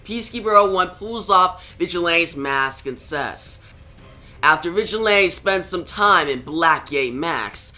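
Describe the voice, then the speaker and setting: A man reviewing a comic book, reading its plot aloud in a steady recap. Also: fairly high pitch, unhurried, soft background music.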